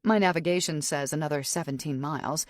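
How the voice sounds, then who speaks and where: A woman reads a first-person audiobook, measured and tense in her inner monologue. Her voice is low and the sound is dry and close. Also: dry recording. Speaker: audiobook narrator. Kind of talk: scripted first-person narration.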